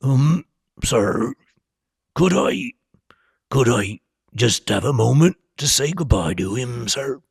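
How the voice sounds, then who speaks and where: A man doing Hagrid, sobbing gentle giant. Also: mid-range voice, expressive, slow pace, gravelly, long pauses, slightly rough, no echo, clean studio sound, voice pushed up, full character voice. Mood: hesitant. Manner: sobbing, stammering. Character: grieving giant half-giant gamekeeper, man.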